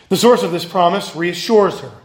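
A man's voice: high-pitched, echoey room. A male pastor giving a sermon, earnest and emphatic, asking his listeners questions.

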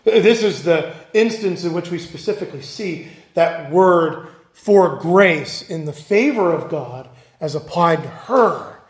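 A man's voice: a little high, animated, a little slow, roomy sound. A male pastor giving a sermon, earnest and emphatic, asking his listeners questions.

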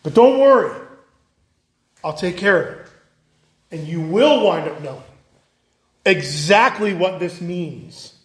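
A man's voice: high voice, expressive, slow pace, long pauses. A man preaching a conversational evening sermon, acting out the voices of the people he quotes. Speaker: pastor.

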